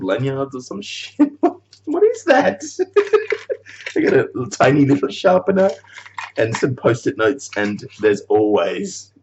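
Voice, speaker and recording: Speaking at a medium pitch, with the highs cut off and a faint hiss or hum, the animator rambles casually to his video blog audience. He swears freely, laughs often and lets sentences trail off before finishing.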